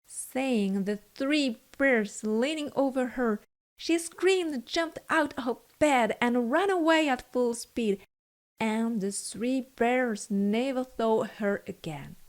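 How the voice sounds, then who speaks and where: Slow, high-voiced woman reading a fairy tale. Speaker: storyteller. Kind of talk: children's fairy tale narration.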